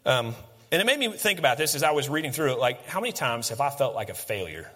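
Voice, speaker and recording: A man preaching a conversational, animated sermon as a pastor. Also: mid-range voice, fast, slightly rough, long reverb tail.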